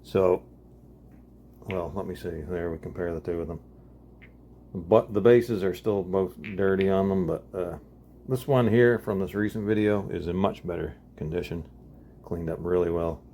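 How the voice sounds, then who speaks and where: A man's voice: deep voice, moderate pace, mellow, a little hiss or hum. A man hosting a casual vlog, talking in a folksy, laid-back way with chuckles. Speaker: host.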